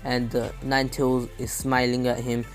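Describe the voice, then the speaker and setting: A young man narrating a fan story off the cuff, halting and full of restarts. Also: mid-range voice, monotone, soft background music. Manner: halting, many fillers and restarts.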